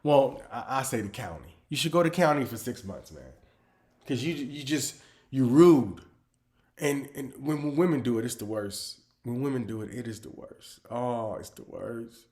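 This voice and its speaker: A man hosting his own comedy show, ranting animatedly about pet peeves, dropping to low mutters and then bursting out loud. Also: expressive, normal speed. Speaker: comedian host. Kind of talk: comedic monologue.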